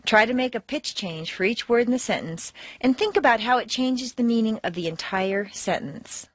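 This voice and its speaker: A woman with an American accent giving a recorded pronunciation lesson. She talks in clear, deliberate instructions and exaggerates word stress to demonstrate it. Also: on the high side, expressive, dry recording. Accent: General American. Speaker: accent trainer.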